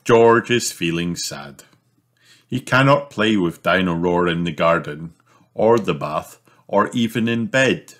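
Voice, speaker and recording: A man reading a children's storybook aloud, in a slow, expressive, sing-song way. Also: deep voice. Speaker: storybook reader.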